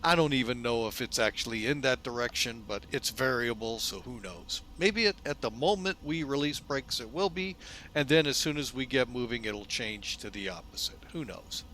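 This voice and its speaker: A man hosting a flight simulator video in a casual, folksy way, relaxed and loose with lots of fillers, often speaking to viewers as folks. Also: medium pitch, a little fast. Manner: chatty, folksy, keeps calling viewers "folks". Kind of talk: casual narrated simulator walkthrough.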